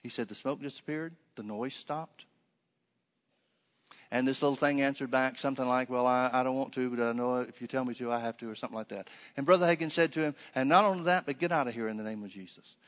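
A man's voice: medium pitch, fast talker, big-room sound. A man preaching a conversational sermon, telling a story with many fillers and restarts.

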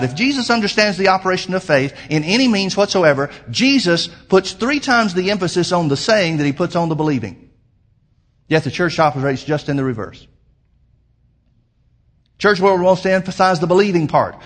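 A man preaching a sermon as pastor, emphatic, slowing down to quote scripture. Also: high-pitched, animated.

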